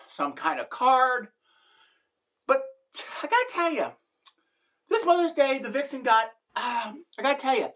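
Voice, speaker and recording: A woman's voice: mid-range voice, fairly bright tone. A middle-aged woman telling a comedic story as a satirical vlogger, brash and chatty.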